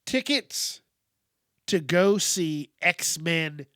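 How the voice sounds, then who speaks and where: A man in his thirties talks slowly and reflectively, with casual profanity and many pauses where his voice drops away. His voice sits a little higher than most men's. The recording is close and dry, with no room sound. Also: expressive, no room sound. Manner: candid, profane, pauses often and trails off softly. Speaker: podcast host. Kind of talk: slow reflective monologue.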